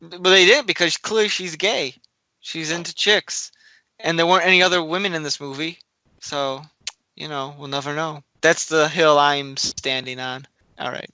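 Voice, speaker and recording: A man's voice: fairly high pitch, fairly even intonation, normal speed, pushed and bright, no echo. A man co-hosting a podcast in casual chat, rambling and laughing at his own slips. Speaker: podcast co-host.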